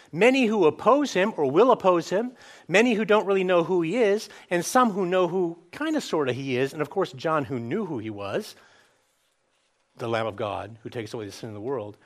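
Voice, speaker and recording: A man preaching a sermon, asking the listeners questions and acting out scripture quotes in lively voices. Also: on the high side.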